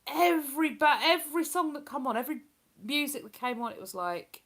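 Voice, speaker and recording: A woman's voice: sits high, fairly quick, a bit bright. A woman chatting casually on a live stream, rambling and laughing as she reads out messages from her viewers. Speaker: live streamer reading chat.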